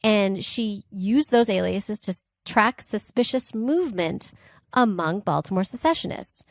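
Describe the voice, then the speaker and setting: A woman's voice: mid-range voice, a little slow, dry recording, studio quality. A woman co-hosting a podcast, retelling a history story in casual, chatty talk with frequent "like" and "um" asides. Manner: chatty and animated, laughs often, asides with "like" and "um". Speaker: podcast co-host.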